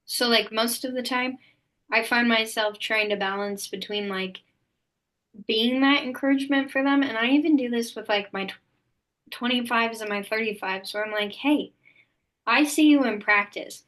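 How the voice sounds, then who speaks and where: A woman college coach chatting on a panel with a fairly high voice. She talks in an upbeat, encouraging way and says "like" a lot. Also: fairly even intonation, moderate pace, a bit bright. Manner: upbeat, encouraging, uses "like" often. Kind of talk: casual chat.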